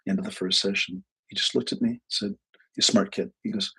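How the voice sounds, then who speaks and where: Middle-aged guy with a low rough voice, rambling through a story on his live stream. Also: fairly even intonation, fairly quick, bright, forceful tone, rough recording. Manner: rambling, with restarts and quoted dialogue. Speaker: psychologist hosting a live stream. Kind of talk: casual storytelling monologue. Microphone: webcam or desk mic on a live stream.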